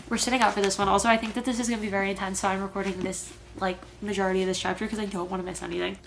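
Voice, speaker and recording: A woman's voice: medium pitch, little pitch movement, racing, vocal fry, hardly any pauses, slight background noise. A young woman in her twenties reading a book aloud for a vlog and reacting with worried gasps between passages. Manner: emotional, gasping and fretting as she reads. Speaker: book vlogger.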